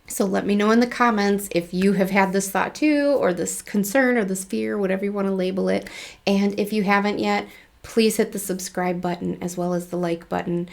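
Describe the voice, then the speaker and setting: A woman's voice: medium pitch, fairly even intonation, moderate pace, gravelly. A woman hosting her own channel, talking casually to viewers, chatty, laughing often and acting out little exchanges of dialogue. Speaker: spiritual channel host. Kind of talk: casual talk to camera.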